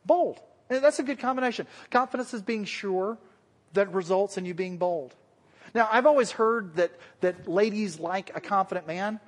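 A male pastor giving a conversational, self-deprecating sermon to a congregation and putting questions to them. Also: high-pitched. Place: church hall with a congregation. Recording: long hall reverb.

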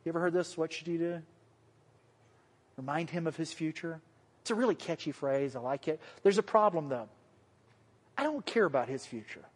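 A man's voice: a little high, animated, a little fast. A male pastor giving a conversational, self-deprecating sermon to a congregation and putting questions to them. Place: church hall with a congregation. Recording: long hall reverb.

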